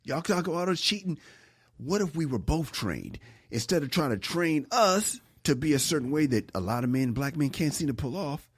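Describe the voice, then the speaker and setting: A man's voice: on the high side, lively intonation, moderate pace, slightly rough, no echo, studio quality. A man co-hosting a podcast in casual chat, joking and teasing playfully. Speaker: podcast co-host.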